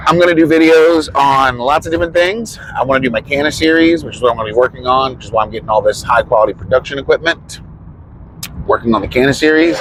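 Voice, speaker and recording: A man's voice: mid-range voice, a bit bright, low-quality recording. Rambling, profane man telling stories. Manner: rambling, profane, laughs often. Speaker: vlogger. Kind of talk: casual storytelling.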